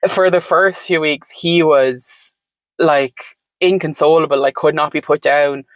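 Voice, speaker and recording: A woman's voice: deep voice, steady tone, a little slow, dry recording, rough recording. Reflective woman with dry sound. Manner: reflective, meandering, frequent "like" and "um" fillers. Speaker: podcast guest. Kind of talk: conversational storytelling.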